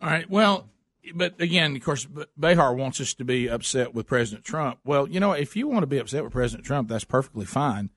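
A man's voice: mid-range voice, animated, a little fast, a bit bright, dry recording. A man hosting a political talk show, speaking emphatically and often repeating words as he starts a thought. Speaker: talk radio host.

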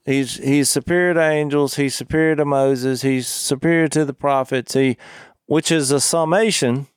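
A man's voice: medium pitch, fairly even intonation, normal speed, clean tone, no room sound. Earnest man reading scripture, dry mic. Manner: earnest, reads scripture aloud in between remarks. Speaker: co-host of a Bible discussion podcast. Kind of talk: casual Bible study chat, reading verses.

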